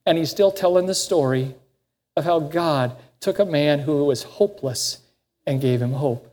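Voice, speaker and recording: A man's voice: fairly high pitch, a little slow, a little mellow, big-room sound. A man preaching a sermon in a church sanctuary, telling a story earnestly and acting out the quoted voices. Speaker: pastor.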